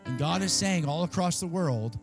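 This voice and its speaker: A man's voice: a little high, animated, normal speed, gravelly. A man in his thirties preaching a sermon in a conversational, earnest way, acting out voices in his stories. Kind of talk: sermon with personal story. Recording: faint music underneath. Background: soft instrumental music.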